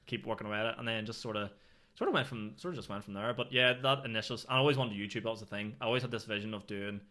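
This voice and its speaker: A man's voice: on the low side, rapid-fire, bright, forceful tone. A young man hosting a podcast, telling rambling stories full of fillers and swearing. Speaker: podcast host and comedian. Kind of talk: casual podcast chat.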